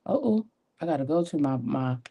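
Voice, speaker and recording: Low, warm-voiced woman chatting at her vanity. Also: a little fast, vocal fry, slightly rough. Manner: animated and encouraging, folksy asides. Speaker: beauty vlogger and sales consultant. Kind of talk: chatty motivational talk while doing makeup. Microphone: tablet camera at her vanity.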